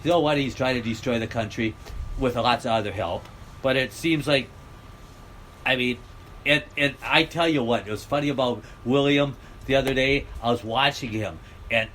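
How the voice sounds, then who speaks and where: A man's voice: medium pitch, a bit bright, a little hiss or hum. An older American man vlogging outdoors, talking bluntly and joking as he rambles. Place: outdoors near a road.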